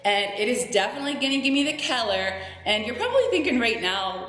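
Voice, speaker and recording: A woman's voice: on the high side, animated, normal speed. A woman chatting upbeat to her viewers as she decorates her home, talking them through each step. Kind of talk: casual decorating tutorial narration. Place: her home living room. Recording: very echoey room with soft background music.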